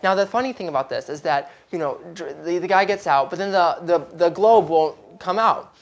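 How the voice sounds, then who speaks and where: Chatty woman gossip host, a little low-pitched, rambling, playing to a studio crowd. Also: moderate pace. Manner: chatty, rambling, keeps asking the audience to clap. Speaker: show host. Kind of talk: celebrity gossip segment to a live audience.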